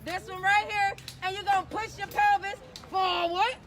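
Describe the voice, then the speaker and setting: A woman's voice: very high-pitched, flat delivery, moderate pace, fairly bright tone. A woman leading a crowd through stretches at an outdoor rally, joking and chatty as she calls out moves. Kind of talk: playful outdoor crowd instruction.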